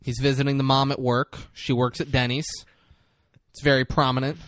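A man's voice: medium pitch, level tone, normal speed, fairly bright tone, no echo, studio quality. A man co-hosting a podcast, casually and profanely retelling a film's plot and slipping into voices for its characters. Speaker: podcast co-host recapping a movie. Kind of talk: casual chat.

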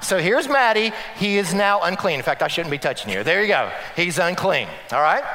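A man preaching a sermon as a pastor, animated, acting out quotes and mixing in humor. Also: high-pitched, brisk, big-room sound.

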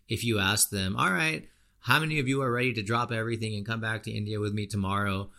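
A young man hosting a podcast, ranting casually in an animated, frustrated way with plenty of fillers. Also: on the low side. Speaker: podcast host. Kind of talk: casual opinion rant.

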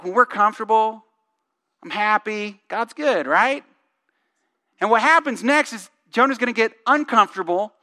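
A man's voice: high-pitched, sharp tone. A male pastor giving a conversational sermon, reading scripture aloud and asking the congregation questions. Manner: reads scripture aloud with emphasis.

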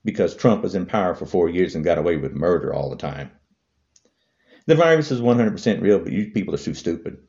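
A man's voice: expressive, fairly quick, a little mellow, highs cut off. A man delivering an angry political rant to camera, hurling repetitive insults. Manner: heated, repetitive insults, voice swinging high and low. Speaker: vlogger.

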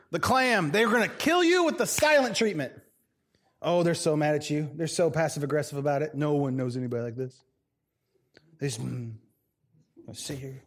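A male preacher giving a humorous, conversational sermon. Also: on the high side. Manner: jokey, acts out characters, conversational.

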